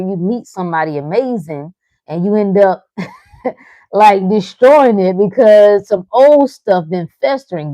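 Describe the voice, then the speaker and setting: Her voice is medium-pitched and mellow, recorded without echo. She's hosting a live motivational session, reading the chat aloud, swearing freely, speaking bluntly and needling listeners with quick laughs.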